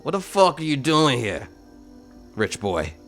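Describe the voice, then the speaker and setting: A man's voice: mid-range voice, sing-song, a little slow, fairly bright tone, faint music behind, pitched above the performer's own voice. A man voicing a crude, menacing male goblin who rides a warg, swearing and threatening in a swaggering way.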